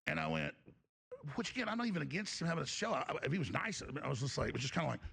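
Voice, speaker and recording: Male host, ranting monologue; very gravelly, husky voice. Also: fairly high pitch, huge pitch swings, racing, fairly bright tone. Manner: emphatic, ranting, mimics others mockingly. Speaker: talk show host. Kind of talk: heated on-air monologue.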